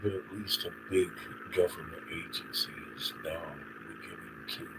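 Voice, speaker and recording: A man's voice: deep voice, expressive, moderate pace, very noisy. A man live-streaming an unscripted monologue, agitated, swearing and rambling. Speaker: livestreamer.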